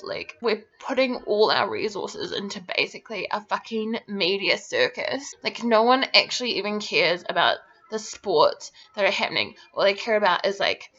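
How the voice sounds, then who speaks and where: A woman's voice: medium pitch, big pitch swings, normal speed, hardly any pauses, a bit bright. A woman ranting indignantly to camera in a vlog, swearing often and filling her talk with "like". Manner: indignant, swearing, constant "like" fillers. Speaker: vlogger. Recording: dull lo-fi recording.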